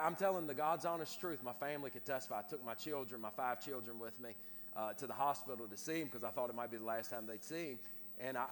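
Preacher, man, quick sermon storytelling with stammered restarts, echoing church sanctuary. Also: mid-range voice. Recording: reverberant hall with faint noise.

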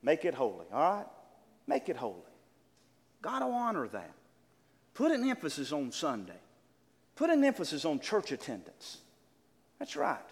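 An older man preaching a sermon to a congregation, calling out amens and building to loud, exclaimed lines. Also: fairly high pitch, wildly swooping pitch, normal speed, long pauses. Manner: preaching with call-and-response amens, building to shouts. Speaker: pastor. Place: church. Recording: church hall with long reverb.

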